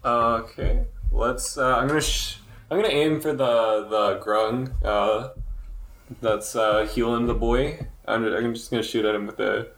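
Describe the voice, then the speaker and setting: Excited player in a noisy echoey room. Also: male voice, medium pitch, measured pace. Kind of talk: casual chat at a game table.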